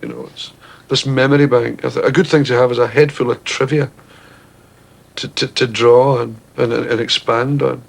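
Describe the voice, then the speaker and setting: Gravelly Glaswegian man telling a comic story. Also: moderate pace. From Scotland. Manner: animated, jumps into shrieking high voices for characters. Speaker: stand-up comedian. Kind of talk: stand-up storytelling. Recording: faint hiss, 1970s TV recording.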